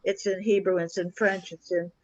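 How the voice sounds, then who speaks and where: An older woman tells a story with animated energy, slipping into the voices of the people she describes. The sound is dull and lo-fi, with a dry, close feel and no room around it. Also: on the low side, normal speed, no room sound. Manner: animated storyteller who acts out quoted dialogue. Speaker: guest. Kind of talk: storytelling in a conversational interview.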